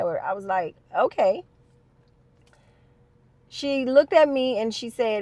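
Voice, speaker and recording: Chatty high-voiced woman telling a story. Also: unhurried, long pauses, no echo. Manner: animated, chatty, addresses viewers as y'all. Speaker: storyteller vlogger. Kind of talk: casual story time.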